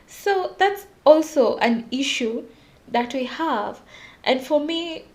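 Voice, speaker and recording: A young woman talks to her listeners in a casual solo podcast. Her voice sits high, and her delivery is animated and confiding as she laughs at herself. She sounds like a host opening up about her own life. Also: takes it slowly. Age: young adult.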